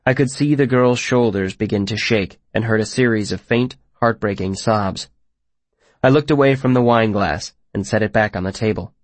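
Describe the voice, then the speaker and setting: A man's voice: lowish voice, normal speed, dry recording. Man narrating an audiobook, dry and close. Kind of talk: scripted first-person narration.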